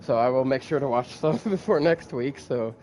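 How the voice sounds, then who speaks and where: A man's voice: mid-range voice, moderate pace, darkish tone, slight background noise. A man hosting a podcast in casual chat, laid-back, swearing freely and laughing often. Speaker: podcast host.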